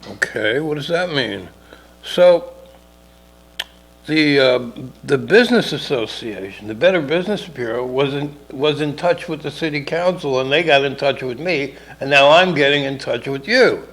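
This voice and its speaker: Gravelly man telling a rambling story. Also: mid-range voice, lively intonation, moderate pace, a bit bright, rough recording. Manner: rambling, acts out characters in dialogue. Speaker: podcast co-host telling a story. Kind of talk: casual storytelling chat.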